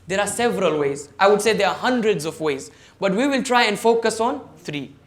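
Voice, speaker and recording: In an online meeting, a man with an expressive, high-pitched voice speaks a little fast, addressing a service club forum as guest speaker. His motivational talk on public speaking is emphatic, laying out points one by one and directly questioning listeners.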